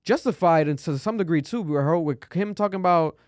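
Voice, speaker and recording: Guy rambling on his podcast, smooth clear voice, dry close mic, swears a lot. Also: on the high side, a little fast, dry recording. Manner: loose and chatty, curses often, many fillers. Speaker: podcast host. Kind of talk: casual podcast chat.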